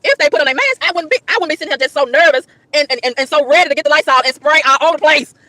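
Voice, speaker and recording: Fired-up woman venting fast, high voice bouncing all over, bright tone, dry close sound. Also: expressive, no echo. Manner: exasperated, exclaiming, repeating lines for emphasis. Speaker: vlogger. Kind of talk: animated storytelling rant.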